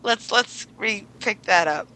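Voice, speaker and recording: A young woman co-hosting a casual gaming podcast, giggly and quick to protest when teased. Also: medium pitch, bright, forceful tone, rough recording. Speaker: podcast co-host.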